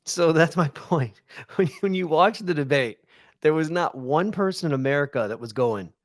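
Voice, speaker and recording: A man's voice: a little high, animated, a little fast, no room sound, studio quality. A man in his thirties co-hosting a podcast, talking bluntly in a casual chat and acting out quoted asides. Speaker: podcast co-host.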